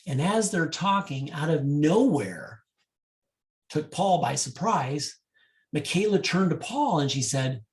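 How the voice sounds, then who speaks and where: A man working as a wedding DJ, speaking directly to couples and telling a love story in an animated way. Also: on the high side, slow pace.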